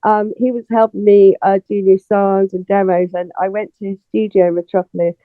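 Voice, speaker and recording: A woman's voice: medium pitch, a little fast, no room sound. A middle-aged woman, telling stories as an interview guest and acting out the dialogue, with plenty of fillers. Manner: animated storyteller, acts out dialogue, many fillers. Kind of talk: casual interview storytelling. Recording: tinny phone line, dry.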